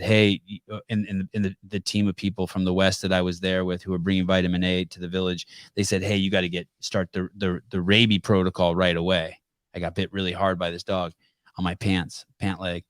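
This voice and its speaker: A man's voice: sits low, no echo, clean studio sound. A man hosting a live call-in podcast, telling stories bluntly and casually with some swearing. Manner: blunt storyteller with profanity. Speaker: podcast host. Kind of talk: casual call-in show chat.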